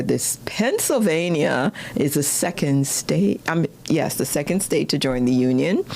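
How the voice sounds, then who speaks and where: A woman giving a casual, chatty study-skills lesson, laughing often and jumping up in pitch when she gets excited. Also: creaky, a little hiss or hum.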